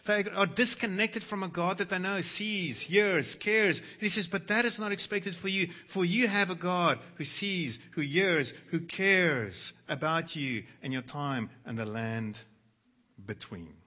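A man preaching a sermon, reading scripture and swinging dramatically between soft, low passages and loud, impassioned ones. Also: a little slow. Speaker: pastor. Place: church.

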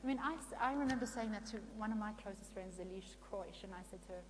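A woman giving a sermon-style talk, lively and conversational, often turning to the audience with questions. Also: medium pitch, quick pace. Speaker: Christian speaker and counselor. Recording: long hall reverb with faint hum.

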